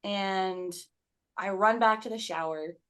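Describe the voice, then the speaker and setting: A woman's voice: mid-range voice, slow, fairly bright tone, clean tone. A woman telling a personal story as a podcast guest, casual and candid, swearing freely and acting out her own past remarks.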